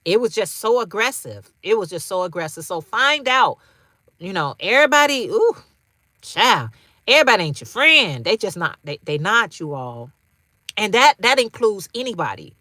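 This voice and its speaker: Bright-voiced woman chatting on a livestream. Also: mid-range voice, sing-song, moderate pace, no room sound, studio quality. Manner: preachy, repeats phrases for emphasis; talks straight to viewers with slangy asides. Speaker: livestream host. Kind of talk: casual livestream chat.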